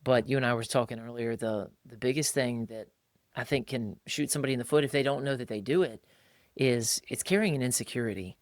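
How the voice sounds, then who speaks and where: A man's voice: medium pitch, a little fast, no echo, studio quality. A man co-hosting a casual podcast, talking colloquially, calling people "bro" and mimicking others' voices when he quotes them. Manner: colloquial, calls listeners "bro". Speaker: podcast co-host.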